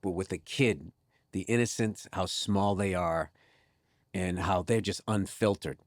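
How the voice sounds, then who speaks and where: A man guest in a casual podcast chat, telling stories with lively restarts and laughs, turning soft and low when reflective. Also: measured pace, dry recording, studio quality. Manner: animated storyteller, frequent restarts and laughs.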